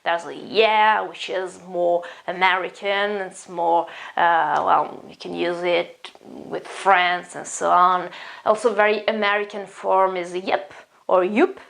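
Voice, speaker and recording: A woman gives an English lesson with a voice that has some gravel in it. She explains patiently, with frequent fillers and restarts, and stresses each example phrase. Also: lowish voice, flat delivery, takes it slowly, fairly bright tone. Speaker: English teacher.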